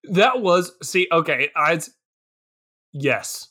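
A man co-hosting a casual movie podcast, animated and quick to laugh, talking with lots of filler words. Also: a little high, husky. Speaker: podcast co-host. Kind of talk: casual movie review chat.

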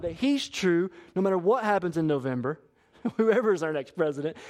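A young man preaching a sermon as pastor, animated and asking the congregation to answer back. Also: high-pitched, normal speed. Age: young adult. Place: church sanctuary.

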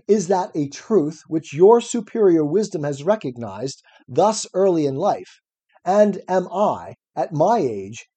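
In a heavily acted performance, a man with a high-sitting, dark and slightly rough voice reads aloud as an aged philosopher at trial. He cross-examines his accusers in a probing, ironic way from a classic dialogue.

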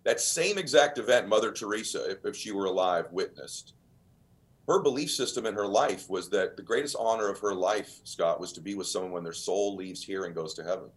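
A man with a deep voice, a guest on a podcast, telling stories in an emphatic, earnest way. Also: a little fast. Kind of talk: storytelling in an interview.

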